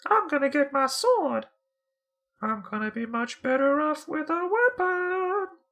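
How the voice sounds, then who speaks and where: A man putting on a faux Scottish accent to voice a gruff male fantasy dwarf in a hearty, exaggerated way. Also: very high voice, animated, measured pace, fairly bright tone, pitched above the performer's own voice, exaggerated voice. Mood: eager, sing-song.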